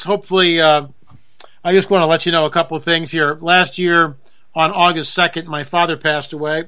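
A man's voice: on the high side, pushed and bright, clear, resonant tone. Folksy, chatty male radio host. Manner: chatty, self-deprecating, folksy. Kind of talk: casual radio talk.

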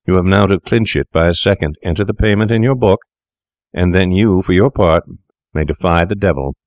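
A man's voice: sits low, a little fast, darkish tone, no echo, studio quality, close to an everyday voice. A man doing a cool, coaxing young doctor. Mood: coolly insistent. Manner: smooth, coaxing, matter-of-fact. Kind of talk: audiobook character voice.

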